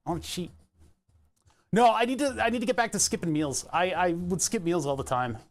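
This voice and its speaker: A man's voice: high voice, a little fast. A man streaming live, chatting casually and thinking aloud as he pedals an exercise bike, laughing often. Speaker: Twitch streamer.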